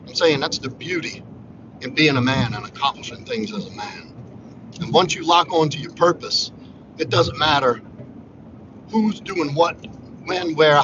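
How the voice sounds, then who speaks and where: A man hosting a casual livestream monologue, talking in a blunt, profane, preachy way. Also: fairly high pitch. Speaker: livestream host. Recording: muffled lo-fi audio with background noise.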